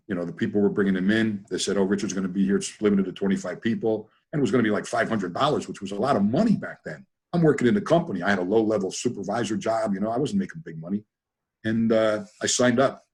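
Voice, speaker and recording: Husky older guy, rambling stories, repeats himself a lot, on a video call. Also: on the low side, fast talker. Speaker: guest trainer. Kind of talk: casual storytelling.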